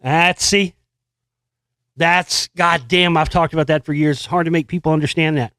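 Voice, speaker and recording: A man's voice: on the high side, fairly even intonation, normal speed, a bit bright, clean tone, dry recording. A man hosting a show, casually riffing on news stories in a profane, rambling and sarcastic way. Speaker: host. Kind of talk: casual monologue commenting on news.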